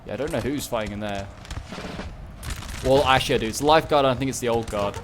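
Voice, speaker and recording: A man giving chatty, excitable, rambling commentary on a game battle. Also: medium pitch, quick pace. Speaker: gaming channel host. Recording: gunfire and battle sounds over voice. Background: game gunfire and battle noise.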